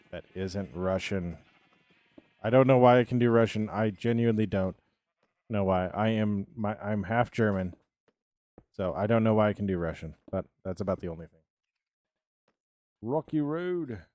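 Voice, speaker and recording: A man's voice: fairly low pitch, steady tone, normal speed, long pauses, a little mellow, dry recording. A man chatting casually on a live game stream, rambling and answering his viewers' chat as he plays.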